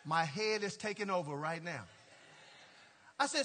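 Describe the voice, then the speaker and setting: A pastor's very high, piercing, bright voice moves a little slowly through a lively storytelling sermon. Loose and colloquial, he peppers his talk with "y'all" and "ain't," often laughs, and tosses casual remarks to the congregation.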